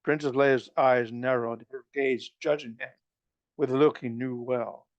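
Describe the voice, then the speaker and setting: A man reading a novel aloud, halting and restarting as he goes. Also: mid-range voice, fairly even intonation, no echo, lo-fi sound. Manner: halting, with frequent restarts and slips. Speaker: reader.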